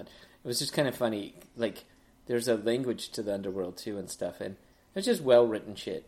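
A podcast co-host chatting casually about a movie in a relaxed way, with plenty of fillers. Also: mid-range voice, normal speed.

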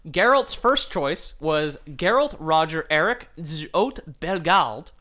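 Male podcast host, slightly high, bright voice, loose and jokey. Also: expressive, slow. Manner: joking, laughs often, crude humor. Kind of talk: casual chat.

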